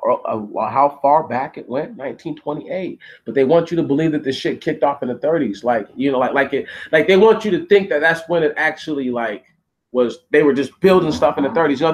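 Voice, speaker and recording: Male host in his own channel, halting reader who breaks off into blunt, cursing commentary; middle-pitched voice. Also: poor audio. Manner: blunt and profane, stops often to rant; reads haltingly, with restarts. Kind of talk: reading aloud a history text and commenting.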